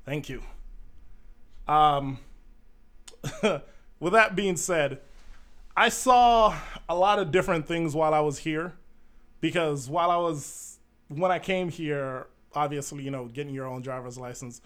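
A man's voice: medium pitch, a bit bright, clean tone. A man in his thirties from Jamaica, hosting a podcast in a candid, blunt monologue with frequent fillers. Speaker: podcast host. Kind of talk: casual monologue.

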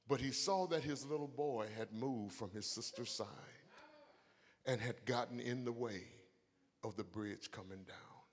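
A man preaching a sermon, moving from a quiet story to shouted, crying high points. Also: a little slow, breathy edge, long reverb tail. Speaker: pastor.

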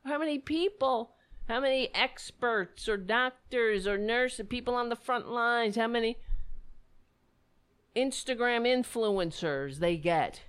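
A woman's voice: fairly high pitch, slow pace, fairly bright tone, clear, resonant tone. A woman giving sarcastic, exasperated commentary, swearing freely as she rebuts. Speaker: commentator reacting to clips. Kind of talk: ranting commentary.

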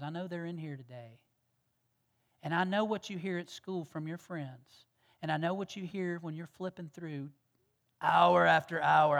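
A man preaching a sermon as pastor, earnest and pleading, moving from loud exhortation to hushed tones. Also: on the high side, gravelly. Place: church sanctuary. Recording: long reverb of a church hall.

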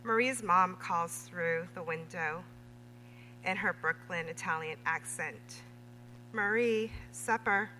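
A woman reading her own memoir prose aloud at a literary reading, measured and deliberate. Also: fairly low pitch, fairly even intonation, sharp tone. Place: reading event in a hall. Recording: reverberant hall with faint hum.

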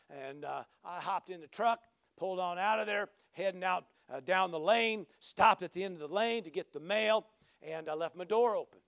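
A man preaching with a high, bright voice. He tells his story in a rambling, animated way, with restarts and bursts of loud exclamation. The sound is dry and close, with no room echo. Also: clear, resonant tone. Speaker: pastor. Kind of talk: sermon with a personal story.

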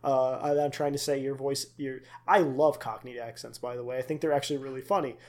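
A man's voice: medium pitch, steady tone, fairly quick, a little mellow. A young man co-hosting a casual podcast, rambling with lots of fillers and asides. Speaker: podcast co-host. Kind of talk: casual chat.

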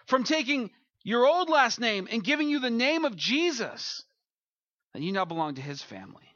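A man's voice: very high voice, bright, forceful tone, no echo, dull audio. A man as pastor, preaching a sermon and leading a closing prayer, earnest and building to emphatic peaks.

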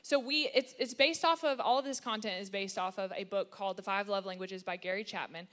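A woman giving a playful sermon-style talk about marriage, lively and joking with the crowd. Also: medium pitch, a little fast. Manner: lively, playful, sprinkles in funny put-on voices. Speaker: married speaker at church.

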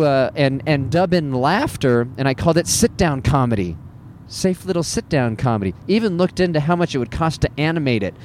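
Animated, fairly high-voiced male comedian. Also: a little hiss or hum. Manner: animated, self-deprecating, with wry laughs. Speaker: stand-up comedian. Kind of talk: casual motivational monologue.

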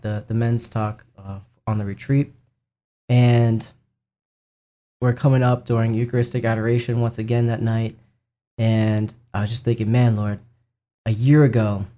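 A young man speaks at a middle pitch, his tone mellow and warm. He tells his personal testimony casually and earnestly, with frequent fillers and self-corrections. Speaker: speaker sharing his faith and vocation story.

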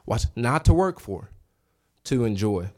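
A man in his thirties preaching a revival sermon in a church, conversational, with asides to the congregation and a voice that jumps up when he acts out what people say. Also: measured pace. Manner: animated, voice rising high when acting out quotes. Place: church sanctuary.

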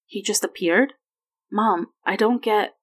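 A woman's voice: medium pitch, takes it slowly, voice pushed up. Woman doing an eager young boy. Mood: boyish. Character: young boy, eager then worried son.

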